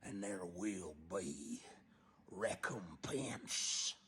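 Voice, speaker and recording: A man voicing a menacing mock Southern hillbilly man with a put-on Southern US drawl and hushed, threatening asides. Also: sits low, lively intonation, extremely slow, faint music behind, heavily acted. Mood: mock menace.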